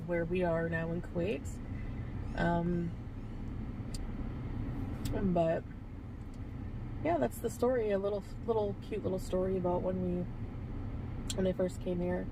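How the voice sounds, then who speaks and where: A woman chats in a loose, rambling way for her vlog, stopping to laugh and filling gaps with "like" and "um." She is sitting in a car, and clear traffic and street noise runs behind her. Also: lowish voice, slow, pauses often. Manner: rambling, with many fillers and little laughs. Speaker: vlogger. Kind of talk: casual vlog chat. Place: in a parked car.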